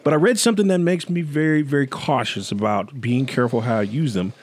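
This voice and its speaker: A man hosting a casual podcast chat, telling stories in an animated way and joking around. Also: medium pitch, fast, no echo. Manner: animated storyteller, jokes with put-on accents. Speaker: podcast host.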